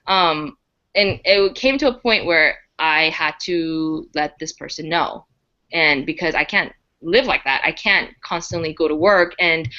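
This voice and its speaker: A woman's voice: fairly low pitch, sharp tone. A woman co-hosting a casual talk show, sharing personal stories in a hesitant way with many fillers. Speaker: co-host. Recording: dull lo-fi audio.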